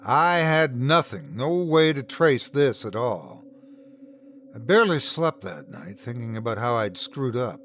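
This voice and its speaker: A man narrating a first-person horror story in an expressive, dramatic storytelling manner. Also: medium pitch, measured pace, a little hiss or hum.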